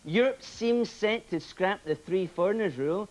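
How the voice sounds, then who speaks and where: A man's voice: sits high, normal speed, darkish tone, close to an everyday voice, low-quality recording. A man playing a sardonic football host. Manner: dry, sarcastic delivery. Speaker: presenter. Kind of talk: sketch comedy.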